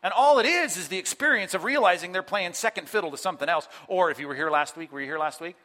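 A man delivers a sermon from the pulpit in a bright, slightly high voice. He is animated, speaks straight to his listeners and acts out the people he quotes. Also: fast talker. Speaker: pastor. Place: church.

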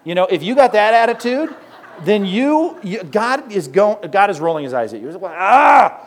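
A man's voice: high-pitched, animated, brisk. A male pastor preaching a sermon in a conversational way, firing rhetorical questions and tagging lines with "right?", with the odd chuckle. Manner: chuckles now and then mid-sentence.

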